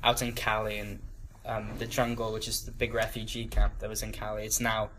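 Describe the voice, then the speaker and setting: A man's voice: lowish voice, monotone, brisk, fairly bright tone, a little hiss or hum. A young man in his twenties giving a casual, rambling talk to a church youth group, with lots of ums and self-deprecating laughs. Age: 20s. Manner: rambling, many ums and restarts, laughs at his own stories. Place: church room with a small group.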